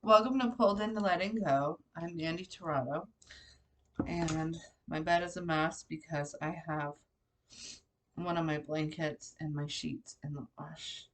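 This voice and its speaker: A woman's voice: sits low, measured pace, recorded from a distance. A woman crying as she hosts her personal faith vlog, emotional and at times dropping to a whisper. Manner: tearful, emotional, with soft whispered moments. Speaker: vlogger. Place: bedroom at home.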